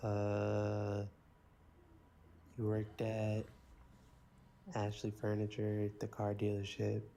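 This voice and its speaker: A man gives halting answers in a flat, slow, low voice. His voice has a gravelly texture, with a faint hum of background ambience. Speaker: son of host. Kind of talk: casual conversation.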